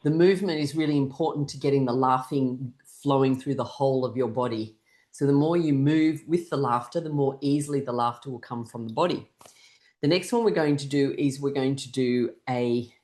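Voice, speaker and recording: Low-voiced woman leading laughter exercises. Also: brisk, reverberant. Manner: bursts into loud rhythmic fake laughter between instructions. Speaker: laughter yoga teacher. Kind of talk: guided laughter exercise session.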